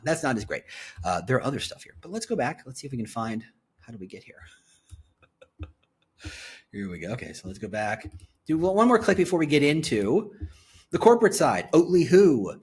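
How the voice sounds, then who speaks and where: A man reviewing a company's career website on screen, reading its copy aloud and reacting with excited commentary. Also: mid-range voice, breathy edge. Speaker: employer branding commentator.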